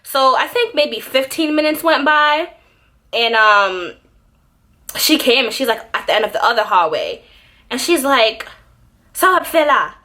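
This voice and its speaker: A young woman telling a childhood story in a casual vlog, animated and dramatic, with many fillers. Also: on the high side, unhurried, long pauses. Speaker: beauty YouTuber.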